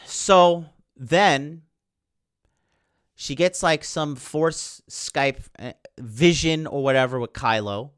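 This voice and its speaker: Smooth-voiced man ranting profanely. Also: fairly high pitch, slow, dry recording, clean studio sound. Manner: heated, profane, rambling. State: sleepless late at night. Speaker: podcast host. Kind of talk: ranting livestream monologue.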